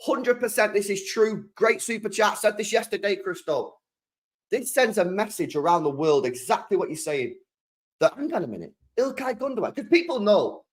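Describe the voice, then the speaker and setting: Young british guy ranting about football on a live stream, high voice, slangy, keeps repeating stuff. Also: fairly quick. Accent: British English. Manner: excitable, slangy, repeats himself. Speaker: football channel host. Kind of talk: casual live-stream chat.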